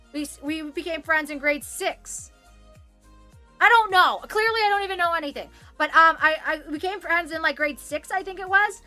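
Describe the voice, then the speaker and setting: Young woman from Canada, high bright voice, rambling casual stream chat, faint music underneath. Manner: rambling, self-deprecating, swears casually. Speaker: livestreamer. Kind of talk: casual chat with viewers while sewing.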